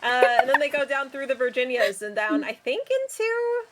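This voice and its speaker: Higher-pitched woman, giggly co-streamer explaining in easy chat. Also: big pitch swings, normal speed, very noisy. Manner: laughs often while explaining. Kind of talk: casual chat.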